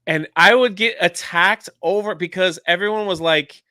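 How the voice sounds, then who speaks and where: A man on a livestream telling a long story in an animated, chatty way, jumping in and out of quotes. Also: high voice, moderate pace, hardly any pauses, no echo, studio quality. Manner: animated, jumps into quoted voices. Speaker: YouTuber guest. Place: lives near a theme park in Florida.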